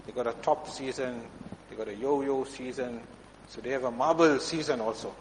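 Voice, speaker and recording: A man preaching a sermon to a congregation, telling anecdotes and often clearing his throat. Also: medium pitch, normal speed. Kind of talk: sermon with storytelling. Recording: reverberant hall with faint background noise.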